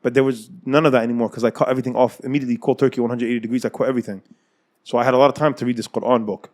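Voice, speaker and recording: Brief: man, 30s, rapid storyteller, mid-pitched, circles back on phrases. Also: steady tone, a little mellow. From United States. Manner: fast, repeats and rephrases phrases. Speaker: Islamic scholar, guest. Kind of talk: personal storytelling in interview.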